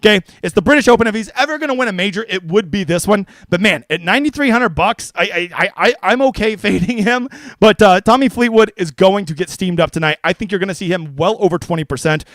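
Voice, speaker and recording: A man streaming fantasy golf picks in casual livestream commentary, brash and profane, excitable and jokey. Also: high-pitched, fast talker, no echo. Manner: excitable, with mock voices.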